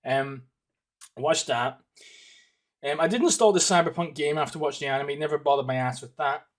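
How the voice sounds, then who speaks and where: A man's voice: on the high side, moderate pace. A Scottish man in his thirties hosting a casual solo podcast. He rambles and swears, with plenty of ums and restarts. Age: 30s. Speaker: podcast host.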